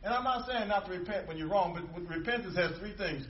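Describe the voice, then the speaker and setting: Male pastor, sermon delivery, emphatic with repetition, a touch high-pitched, lo-fi room recording. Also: fast talker, roomy sound, far from the mic, a little hiss or hum. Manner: emphatic preaching with repetition and call-and-response.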